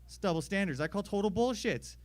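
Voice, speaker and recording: A young man performing a stand-up comedy set, telling crude stories in a deadpan way and acting out the other voices himself. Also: sits high, brisk, dry recording.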